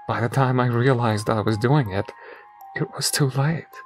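A man's voice: medium pitch, normal speed, faint music behind, lightly acted. A man voicing a remorseful, grieving man who pleads desperately, his voice breaking. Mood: desperate pleading.

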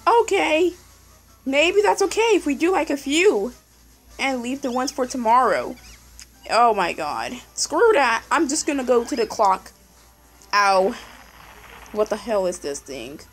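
A young woman commentating her puzzle game casually, excitable, yelling at the game and repeating "no" over and over. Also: on the high side, unhurried, long pauses, poor audio. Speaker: gameplay commentator.

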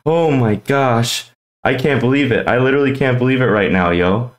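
A young man hosting a casual card-opening vlog, slangy and excitable, tossing "yo" into his talk. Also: medium pitch, moderate pace, echoey room, low-quality recording. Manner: excitable, slangy, says "yo" a lot. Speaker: YouTube card-opening host.

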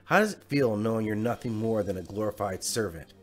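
A man's voice: fairly low pitch, a little fast, soft background music, close to an everyday voice. A man voicing a proud, hot-tempered female witch in a storybook reading, snapping and sneering her lines. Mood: angry.

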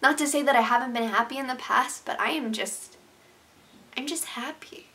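A woman's voice: high voice, normal speed, bright, forceful tone. A young woman vlogging to her viewers, emotional and sincere, talking openly with lots of "like" and restarts. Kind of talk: heartfelt casual vlog to viewers.

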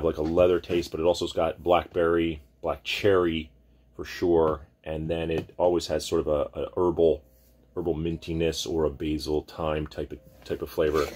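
Guy with a real low husky voice chatting about wine at home, loose and rambly. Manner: relaxed, rambling, many restarts. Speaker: wine vlogger. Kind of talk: casual wine tasting talk.

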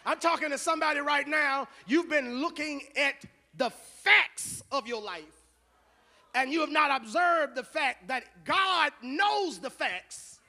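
A man preaching a sermon as pastor, moving from low conversational asides to loud shouted call-and-response. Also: expressive, a little slow.

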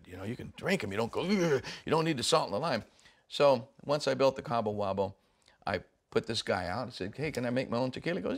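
A man's voice: on the low side, expressive, fast. An older man, a rock musician, telling stories in a casual interview, laughing often and acting out the voices of people he quotes.

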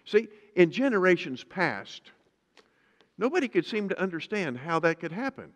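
A man, a pastor, preaching a sermon in a lively way, reading scripture aloud in a slow, deliberate manner. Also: high voice. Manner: lively preaching, reads scripture slowly and emphatically. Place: church sanctuary. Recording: reverberant church hall.

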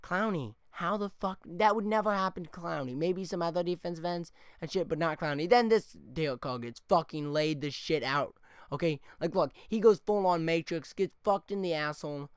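A man's voice: on the high side, normal speed, clear, resonant tone, dry recording, studio quality. A man ranting through gameplay commentary with heavy swearing, often tagging his points with "okay?". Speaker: gaming YouTuber. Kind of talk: angry gameplay rant commentary.

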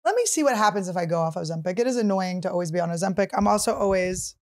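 A woman in her thirties hosting a podcast, telling a comic story in a casual, animated way and acting out what other people said. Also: on the low side, racing. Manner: animated, acts out others' quotes, shrieks while teasing. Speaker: podcast host.

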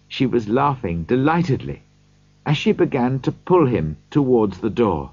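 A man reading a storybook aloud slowly for learners, in scripted narration. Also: mid-range voice, sing-song, darkish tone, no echo, muffled recording. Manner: slow, clear reading for learners.

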